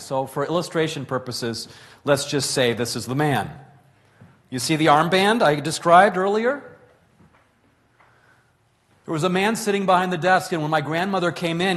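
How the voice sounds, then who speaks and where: A man's voice: fairly high pitch, a bit bright, big-room sound. A man telling a family story to an audience in a conversational way, correcting himself as he goes. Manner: conversational, with fillers and self-corrections.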